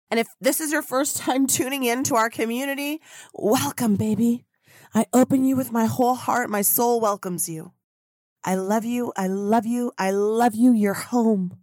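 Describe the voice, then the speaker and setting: A woman's voice: fairly high pitch, no echo, studio quality. A woman hosting a spiritual motivation podcast, talking in an effusive, preachy way and leading chanted affirmations. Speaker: podcast host.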